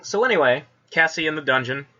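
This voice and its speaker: A man's voice: a little high, expressive, fast, bright, forceful tone, lo-fi sound. A man co-hosting a casual comic review, laid-back and full of fillers like "like" and "you know.". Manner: laid-back, lots of "like" fillers, laughs often. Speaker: podcast co-host.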